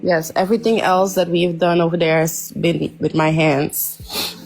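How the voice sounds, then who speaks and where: A woman's voice: on the low side, steady tone, measured pace, darkish tone, soft background music, poor audio. A woman guest giving reluctant, short and hesitant answers in an interview.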